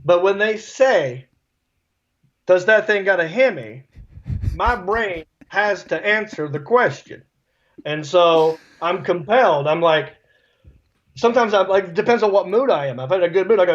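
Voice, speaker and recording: Man, middle-aged, comedian, relaxed joking storytelling, slightly high voice, muffled call audio. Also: moderate pace. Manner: laid-back, jokey storytelling with put-on voices. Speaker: guest comedian. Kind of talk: casual video-call interview. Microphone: video call.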